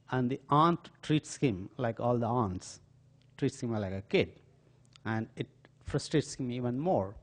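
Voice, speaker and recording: An older man with an Indian accent, giving a lecture full of dramatically told stories in an auditorium. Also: medium pitch. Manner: animated, dramatic storytelling. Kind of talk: storytelling lecture.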